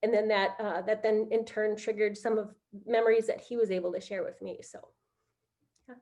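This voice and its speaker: A middle-aged woman on a video call, telling a heartfelt personal story on a panel, halting with many fillers. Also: mid-range voice, little pitch movement, a little mellow. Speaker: conference panelist.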